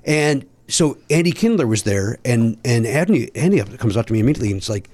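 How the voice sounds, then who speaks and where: Animated profane male storyteller. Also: medium pitch, quick pace, hardly any pauses. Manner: animated, profane, acts out other people's lines. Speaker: podcast guest, comedian. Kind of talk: casual storytelling.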